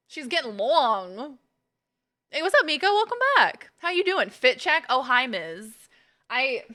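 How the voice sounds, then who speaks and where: Woman streamer, chatty and playful, bright forward voice, slightly higher pitch, greets chat by name. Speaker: gaming streamer. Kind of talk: casual live-stream chat.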